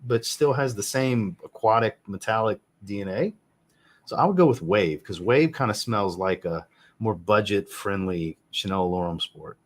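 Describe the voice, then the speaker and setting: A man in his thirties hosting a casual live chat about fragrances from home, blunt and joking, and he swears casually. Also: fairly low pitch. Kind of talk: casual livestream chat answering viewers. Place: home room with a fragrance shelf.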